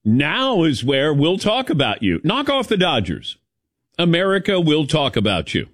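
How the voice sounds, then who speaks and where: A man hosting a sports talk show, animated and teasing as he calls on his crew by name. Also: a little high, normal speed, no room sound, studio quality. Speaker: sports radio host.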